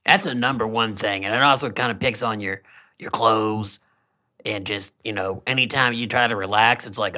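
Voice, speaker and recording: A man co-hosting a comedy podcast in a deadpan, laid-back way. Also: lowish voice, normal speed. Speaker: podcast co-host. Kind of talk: casual comedic chat.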